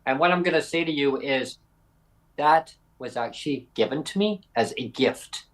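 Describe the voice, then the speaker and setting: A man's voice: fairly high pitch, moderate pace, rough recording. A man co-hosting a podcast, talking combatively and directly to a critic he calls "bud". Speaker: podcast co-host. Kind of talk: podcast discussion.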